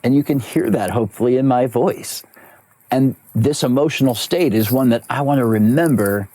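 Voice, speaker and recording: A man's voice: medium pitch, normal speed, dark tone, dry recording. A man who works as a voice actor and coach, explaining his craft in an interview and repeating key phrases for emphasis.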